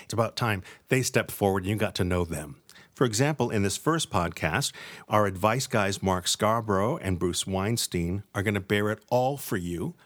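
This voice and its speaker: A man's voice: lowish voice, moderate pace, a bit bright, dry recording. A man co-hosting a podcast in a playful, theatrical way. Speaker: podcast co-host. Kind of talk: casual podcast chat.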